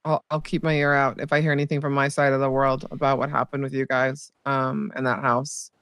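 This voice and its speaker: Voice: mid-range voice, little pitch movement, a little fast, fairly bright tone, smooth, dry recording. A player chatting in character during a roleplay, gossipy and hesitant with casual swearing.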